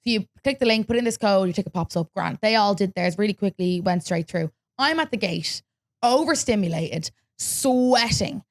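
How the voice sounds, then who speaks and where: A young Irish woman hosting a podcast, telling a story in casual chat, lively and swearing freely as she acts out what people said. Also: mid-range voice, moderate pace. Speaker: podcast host.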